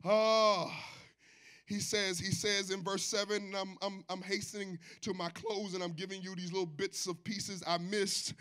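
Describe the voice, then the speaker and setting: Man, pastor, preaching in a church, high and bright voice, call-and-response, soft to shouting. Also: level tone, a little slow, clean tone. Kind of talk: sermon. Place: church sanctuary.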